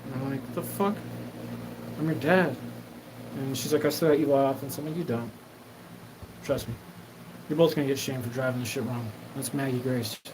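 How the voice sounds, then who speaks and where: A man's voice: mid-range voice, fairly even intonation, fairly quick, long pauses, noisy background. A man hosting a solo show, talking in a rambling, profane monologue and acting out quoted back-and-forth exchanges. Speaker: host.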